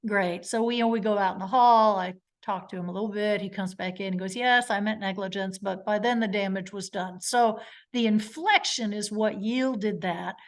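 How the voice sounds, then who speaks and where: A woman's voice: medium pitch, fairly even intonation, normal speed. Woman lawyer teaching in a webinar. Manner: storytelling, acts out witness and lawyer exchanges. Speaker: trial lawyer giving a legal education talk. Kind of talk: live webinar lecture.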